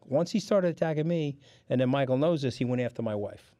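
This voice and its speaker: With a brisk pace and a warm mid-range voice, a middle-aged man with a New York accent tells stories bluntly and swears freely. He's guesting on a casual chat show, recorded in clean studio sound with no room sound.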